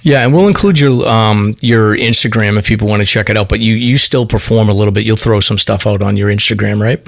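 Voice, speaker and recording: A man hosting a podcast, asking questions in a friendly, halting way with New speech. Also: on the low side, gravelly, no echo, studio quality. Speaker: podcast host. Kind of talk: casual chat.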